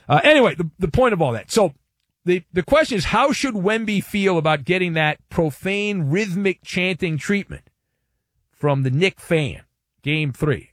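Lively, wry male sports radio host. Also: on the high side, no room sound, clean studio sound. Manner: animated, wry and theatrical, stretching words for effect. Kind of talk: sports talk radio monologue.

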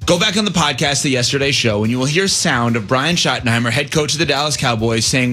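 A man's voice: mid-range voice, lively intonation, quick pace, hardly any pauses, pushed and bright, soft background music. A male sports radio host arguing his points emphatically, with sarcastic asides.

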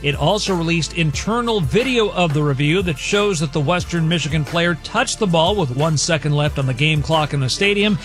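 A man reading a brisk sports news update on the radio. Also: a little high, soft background music. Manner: brisk, even newsreading.

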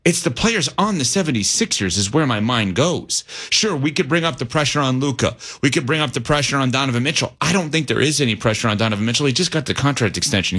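A man with a bright, forceful voice holds forth on a sports talk panel. He reasons out loud, stacking hypotheticals and restarting sentences as he presses his point. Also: medium pitch. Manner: animated, thinks aloud with restarts and hypotheticals. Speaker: sports talk show host. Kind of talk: casual sports debate.

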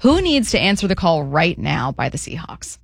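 A woman's voice: low-pitched, very animated, moderate pace, creaky, slight background noise. Chatty woman hosting sports radio. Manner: chatty, bubbly. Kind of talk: casual sports talk. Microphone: studio mic.

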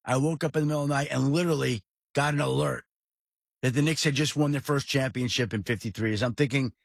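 A middle-aged man from the New York area hosting a sports podcast, telling stories in an animated, emphatic way. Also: mid-range voice, fast talker, vocal fry, no echo, studio quality. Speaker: podcast host. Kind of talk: casual sports talk.

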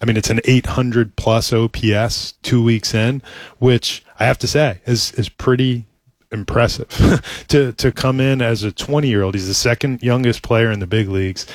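A middle-aged man, a baseball team executive, talking in a casual interview, earnest and halting, with many restarts and "you know"s. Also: mid-range voice, fairly even intonation, no room sound.

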